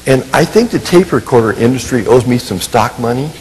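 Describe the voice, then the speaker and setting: A man telling a personal story in a sermon, animated and poking fun at himself, acting out what people said. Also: mid-range voice, brisk, big-room sound, noisy background. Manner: animated, self-mocking humor, acts out quotes. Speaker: Christian minister and family counselor.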